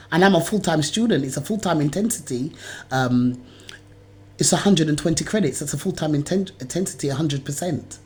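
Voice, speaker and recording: A woman's voice: deep voice, darkish tone. A woman in an agitated monologue to camera, her words tumbling out in long run-on chains. She repeats herself, restarts phrases and drops curses freely as she rambles on. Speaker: video blogger.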